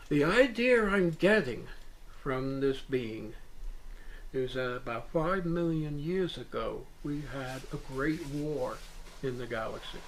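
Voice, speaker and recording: A man's voice: medium pitch, lively intonation, takes it slowly, rough recording. A man in an interview telling a long first-person account in an earnest, meandering way with hesitant restarts. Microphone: VHS interview recording.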